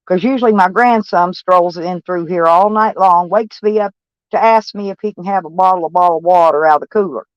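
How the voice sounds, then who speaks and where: A woman's voice: fairly low pitch, fairly quick, clean tone, no room sound. An older woman vlogging about her day to camera, blunt, profane and rambling. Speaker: van-life vlogger. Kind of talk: casual rambling talk to camera. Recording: dull, dry recording.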